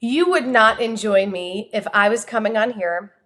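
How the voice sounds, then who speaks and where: Energetic New Jersey woman coaching live. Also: on the high side, normal speed. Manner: energetic, expressive, talks with her hands. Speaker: communication coach. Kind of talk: motivational livestream talk.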